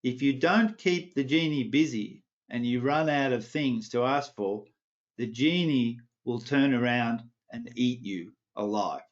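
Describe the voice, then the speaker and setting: A man voicing an old village elder in a parable, who speaks in a measured, warning way. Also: medium pitch, dull audio, lightly acted.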